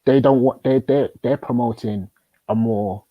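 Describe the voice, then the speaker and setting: Man, casual debate, husky, dark low voice, dry close sound, halting restarts. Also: steady tone, dry recording, highs cut off. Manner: probing, hesitant with many restarts. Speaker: host.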